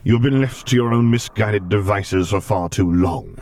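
A man's voice: lowish voice, normal speed, a little mellow, slight background noise, lightly acted. A man voicing a menacing, stern middle-aged Sith lord who speaks in clipped, formal commands.

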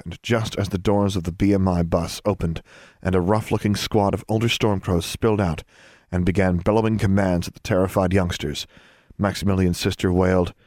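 A man narrating a fan fiction story as an audiobook, with steady, even storytelling. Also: low-pitched, brisk, no room sound, studio quality.

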